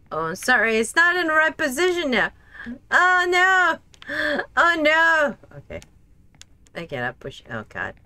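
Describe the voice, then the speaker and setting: A woman streaming a game, reacting out loud as she plays, talking to herself and laughing often. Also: fairly high pitch, huge pitch swings, moderate pace, no echo. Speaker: gaming streamer. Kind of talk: casual let's play commentary.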